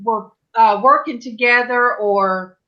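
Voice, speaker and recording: A woman's voice: fairly high pitch, slow, muffled recording. A woman on a livestream panel chatting casually, hesitant and often restarting her sentences.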